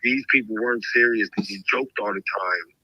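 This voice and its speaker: In a lowish voice at normal speed, a show host recounts a story in a casual, lively manner, performing the voices of its characters. The highs in the audio are cut off.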